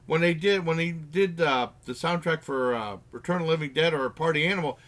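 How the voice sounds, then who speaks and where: A man with a fairly bright, higher voice rambles through a casual spoken movie review full of fillers and restarts. He acts out lines from the film in quick bursts.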